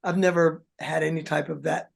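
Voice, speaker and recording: A man's voice: a little high, flat delivery, moderate pace, vocal fry. A man, a rock drummer, telling long rambling stories in a casual interview chat. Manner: rambling, chatty storyteller, says man and dude a lot.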